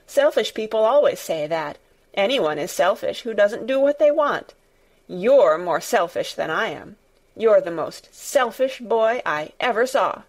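A woman acting out a stubborn storybook girl with a quick temper, blunt and sour. She speaks slowly but sharply, refusing to back down. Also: medium pitch, expressive. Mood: fierce. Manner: sharp, obstinate, unsympathetic.

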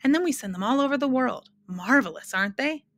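A woman's voice: high voice, animated, fast talker, voice pushed up. A woman voicing a fussy, boastful male number creature from a storybook, bossy and impatient.

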